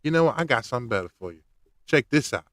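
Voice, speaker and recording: A man's voice: medium pitch, expressive, racing, a bit bright, dry recording, clean studio sound. A man hosting his own podcast, ranting in a loose, slangy way straight at his listeners. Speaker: podcast host. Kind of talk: casual rant to camera.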